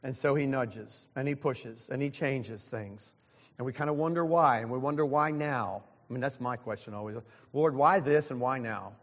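A man's voice: mid-range voice, normal speed, in a large hall. A pastor in his sixties preaching a sermon, earnest and openly self-deprecating. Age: 60s.

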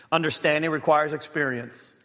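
A man preaching a sermon as a pastor, telling stories with fillers, restarts and an occasional clearing of the throat. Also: fairly high pitch, a bit bright, big-room sound.

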